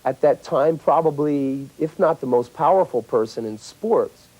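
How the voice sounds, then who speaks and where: A boxing manager answering an interview question in a mellow, somewhat high male voice. He speaks in a measured, reflective way. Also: muffled recording.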